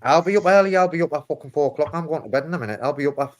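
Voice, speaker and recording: A man in rowdy casual chat, bantering loudly and swearing. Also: a little high, rapid-fire. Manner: loud, laughing, swearing banter.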